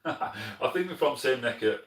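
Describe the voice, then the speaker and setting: Taking it slowly, a South Yorkshire man from Sheffield who runs a hunting channel talks in an animated, medium-pitched voice. He's live from his lodge in an echoey room, far from the mic, answering viewers in a friendly, plain way and often addressing them as mate.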